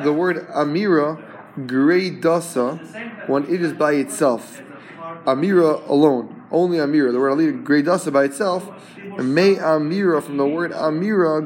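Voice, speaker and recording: A man teaching a Talmud class. He translates each term phrase by phrase and often checks in with his students. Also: on the high side.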